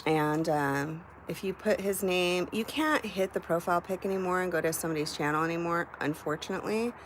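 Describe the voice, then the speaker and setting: A middle-aged woman chats candidly with her viewers on a home livestream, her voice sitting low for a woman. She talks loosely and swears without a second thought. Faint room ambience hums behind her. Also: brisk, a little hiss or hum. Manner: chatty, candid, swears casually. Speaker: live-stream host. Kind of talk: casual chat with live viewers. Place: at home, indoors.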